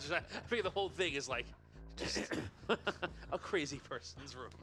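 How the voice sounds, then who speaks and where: A man's voice: fairly high pitch, animated, a little slow, bright, forceful tone. Man over background music. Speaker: player. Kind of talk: playing a tabletop game. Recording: music playing under the voice.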